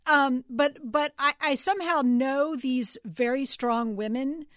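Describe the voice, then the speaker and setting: A woman from Texas talks about her writing in a relaxed interview. Her voice sits fairly high and her delivery is animated, full of restarts and easy laughter. The sound is close and dry. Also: measured pace, no room sound. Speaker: novelist guest. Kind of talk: casual interview chat.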